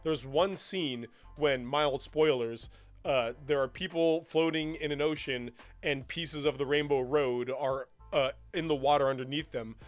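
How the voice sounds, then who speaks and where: A man with a somewhat high voice chats eagerly on a podcast. He sounds excited and breaks into laughter often. The sound is dry and close, with faint music in the background. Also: measured pace, no echo. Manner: enthusiastic, animated, laughs often. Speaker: podcast co-host. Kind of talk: casual chat.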